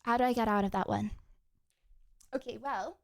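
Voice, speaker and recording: A woman's voice: on the high side, moderate pace, no room sound, studio quality. A young woman streaming live, chatting casually with her viewers in a bubbly, giggly way. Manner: bubbly, giggly, cheering chat on.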